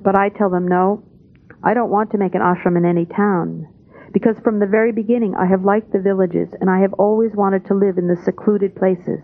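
A woman's voice: mid-range voice, steady tone, fairly quick. Woman on a tinny old tape. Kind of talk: steady spoken translation of a spiritual talk.

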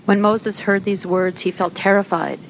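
Woman, reading spiritual text aloud, slow and deliberate, mid pitch, faint background hiss. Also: fairly even intonation, low-quality recording. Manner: slow, deliberate, occasional slips on words. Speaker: reader at a spiritual gathering.

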